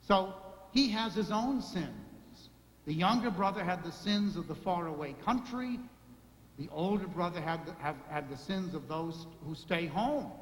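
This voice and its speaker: A man's voice: high-pitched, fairly bright tone. A male priest giving a sermon, stacking short emphatic lists and rhetorical questions. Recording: echoey hall reverb, faint ambience.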